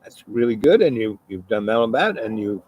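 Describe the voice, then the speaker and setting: A man repeating the words of a calm, kindly woman teacher, in a gentle and reassuring manner close to his own voice. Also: fairly low pitch, a little fast. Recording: noisy background hiss.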